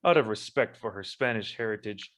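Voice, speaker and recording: A man's voice: lowish voice, lively intonation, a little fast, a bit bright. Crude, joking man hosting a podcast. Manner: joking, crude, with laughs and restarts. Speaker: podcast host. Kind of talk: casual podcast chat, reading an article aloud.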